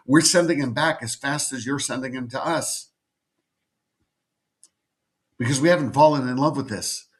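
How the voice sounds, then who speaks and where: A man's voice: medium pitch, lively intonation, normal speed. A middle-aged man, a literary agent, giving emphatic and repetitive advice straight to the viewer in an educational talk. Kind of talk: direct-to-camera educational talk.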